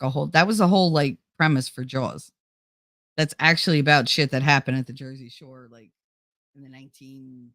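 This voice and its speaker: Middle-aged female host, casual and profane, quick to laugh; slightly low voice, dry recording. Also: dry recording. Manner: chatty, laughs often, swears freely. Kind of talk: casual chat to viewers.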